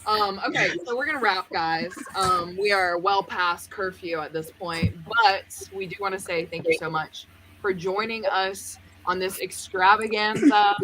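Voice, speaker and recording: A woman's voice: mid-range voice, unhurried, a crowd in the background, low-quality recording. A woman hosting a readathon livestream, chatting casually and upbeat with guests. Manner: lively, upbeat wrap-up talk. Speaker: readathon host.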